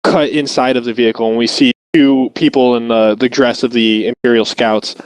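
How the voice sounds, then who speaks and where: A man's voice: mid-range voice, fairly even intonation, normal speed, poor audio. A man acting as game master, describing scenes cinematically in a loose, hesitant way with frequent restarts. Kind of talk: narrating a tabletop game.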